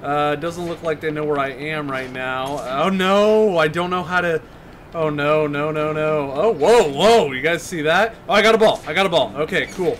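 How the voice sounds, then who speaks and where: A young man giving excited commentary over a basketball video game, often yelling and laughing during play. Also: fairly high pitch, normal speed, a little hiss or hum. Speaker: gaming YouTuber.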